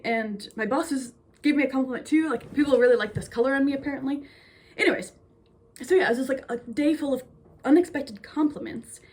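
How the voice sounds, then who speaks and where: A young woman from Minnesota chatting casually and bubbly to her phone camera, rambling with lots of fillers. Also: a little high. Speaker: vlogger. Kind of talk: casual chat.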